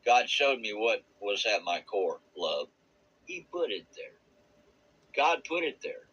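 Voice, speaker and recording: A man giving a rambling, earnest personal testimony about a spiritual experience. He searches for words and laughs softly now and then. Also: fairly low pitch, very animated, slow, slightly rough, muffled recording. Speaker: vlogger sharing a spiritual experience.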